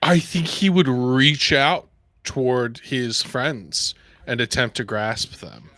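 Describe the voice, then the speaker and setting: A woman's voice: a bass voice, slow pace, a bit bright, no room sound. A woman playing in a tabletop game, thinking aloud with hesitation about what her character does. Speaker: player.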